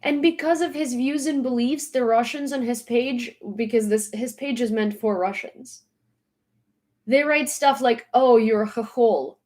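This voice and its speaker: A woman's voice: a little high, unhurried, a little mellow. A woman delivering a blunt, exasperated vlog rant, hammering her points home by repeating them. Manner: emphatic, repeating points for stress. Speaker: social media commentator.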